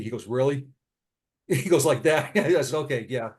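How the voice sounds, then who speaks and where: A middle-aged man, a retired police sergeant, telling his own story as an interview guest in an earnest, halting way, often repeating himself. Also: mid-range voice, expressive, darkish tone. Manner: earnest, halting, with frequent repetitions. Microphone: remote call.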